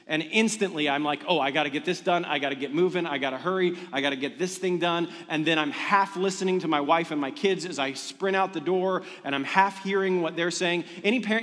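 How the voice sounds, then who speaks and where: A middle-aged man, a pastor, preaching a sermon in a conversational, animated storytelling manner to his congregation in a church. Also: on the high side. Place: church sanctuary. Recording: long reverb of a large hall.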